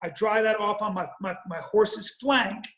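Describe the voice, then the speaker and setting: A man's voice: high voice, unhurried, bright, forceful tone, reverberant, low-quality recording. A man telling a rambling, profane comic story on a podcast, with frequent restarts. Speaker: podcast guest or co-host.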